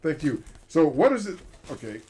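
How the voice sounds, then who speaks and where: A man's voice: on the high side, very animated, moderate pace, background noise. A man hosting a livestream, chatting casually and playfully with frequent jokes and laughs. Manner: jokey, laughs often, playful. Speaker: show host.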